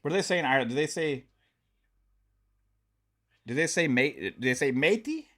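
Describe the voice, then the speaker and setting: A man's voice: fairly high pitch, expressive, moderate pace, fairly bright tone. A man chatting casually on a live stream, rambling with lots of fillers and swearing freely. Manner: rambling, many fillers, profane.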